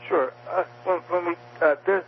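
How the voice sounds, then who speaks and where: A man's voice: high-pitched, steady tone, normal speed. A man is interviewed as an author and explains communication skills. He speaks hesitantly, often stopping and restarting his sentences. The recording sounds dull and muffled, with a faint hum beneath it. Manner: hesitant, many restarts and fillers. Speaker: author and guest.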